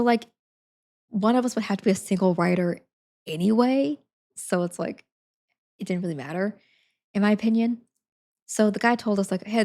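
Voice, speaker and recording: A woman's voice: mid-range voice, creaky, darkish tone. A young woman streamer telling a story in casual chat, full of fillers, acting out what people said. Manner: chatty, many fillers, acts out quotes.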